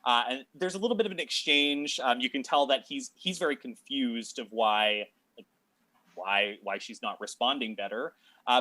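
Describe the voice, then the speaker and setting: Halting game master man, dry sound. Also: mid-range voice, pushed and bright, dry recording. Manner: halting, many fillers and restarts. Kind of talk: narrating a tabletop game.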